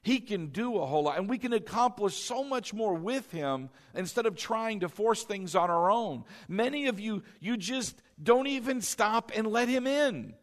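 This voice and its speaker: A man's voice: high voice, expressive, moderate pace, hardly any pauses. A man preaching a sermon as pastor, exhorting the congregation, repeating key lines and asking them questions. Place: church sanctuary. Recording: long hall reverb.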